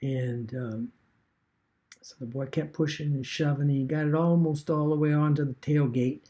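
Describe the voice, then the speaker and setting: A man retelling a story casually as an online business vlogger, halting and rambling with many fillers and restarts. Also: a little high, steady tone, warm tone.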